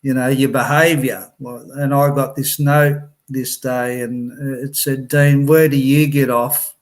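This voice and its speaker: A man telling his own life story in a halting way, full of restarts and repeated words, laughing wryly at his memories. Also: mid-range voice, flat delivery. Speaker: person recounting his time in a residential program. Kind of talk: personal storytelling.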